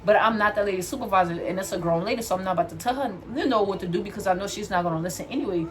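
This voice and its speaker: Young black-woman ranting a work story to the cam, lively, faint hum behind. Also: mid-range voice, very fast. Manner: animated, acts out quotes, addresses viewers as y'all. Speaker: vlogger. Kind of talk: storytime chat while doing hair.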